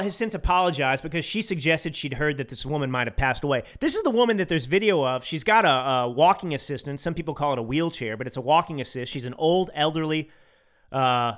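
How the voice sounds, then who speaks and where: A man's voice: a little high, a bit bright. A man from the United States hosting a podcast, giving emphatic, ranting political commentary and repeating phrases for effect. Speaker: podcast host.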